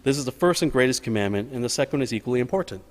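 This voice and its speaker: A male pastor speaks in an earnest, personal way, repeating phrases for emphasis. His voice sits at an ordinary middle pitch. It carries a long reverb from a church sanctuary. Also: lively intonation, racing. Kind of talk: sermon.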